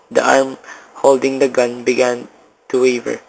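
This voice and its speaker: A young man reads a story aloud for a school project, his voice held flat and even with a gravelly fry underneath. He moves haltingly, stumbling now and then and restarting a word. A faint background noise sits under the reading. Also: medium pitch, rough recording. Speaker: student reader.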